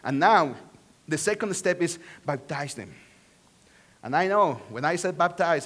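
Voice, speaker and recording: Mexican-accented pastor, high voice, sermon, animated and joking. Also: male voice, moderate pace. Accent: Mexican Spanish. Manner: animated, swings from hushed to excited, joking asides.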